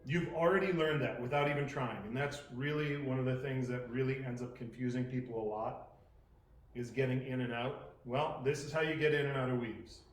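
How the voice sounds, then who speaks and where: A man's voice: mid-range voice, fairly even intonation, a little fast. A man instructing a beginner poi class, thinking aloud as he demonstrates and correcting himself as he goes. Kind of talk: live class teaching. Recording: roomy echoing sound.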